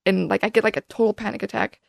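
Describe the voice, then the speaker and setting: A woman telling a story in a casual podcast chat, rushing on with lots of "like" and restarts. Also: mid-range voice, vocal fry, dry recording, clean studio sound. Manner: rapid, animated, full of "like" and restarts. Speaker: podcast guest.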